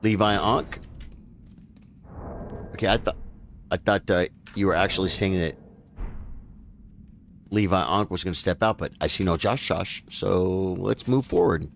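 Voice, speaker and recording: A man's voice: deep voice, a little slow, vocal fry, long pauses, slight background noise. A man giving casual live commentary as he plays a video game, talking to his viewers as bro and folks. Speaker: gaming streamer.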